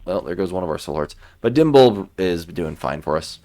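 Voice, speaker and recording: A man casually commenting while playing a video game, thinking aloud about his choices in a relaxed, sleepy way. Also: sits low, normal speed. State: sleepy, yawning. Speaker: gaming YouTuber. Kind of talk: let's play commentary.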